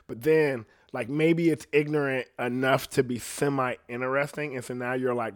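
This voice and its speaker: A podcast host launches into a rambling, profane casual rant, a little jittery from coffee and quoting others in voices. His mid-range voice keeps fairly even intonation at a normal speed, with hardly any pauses.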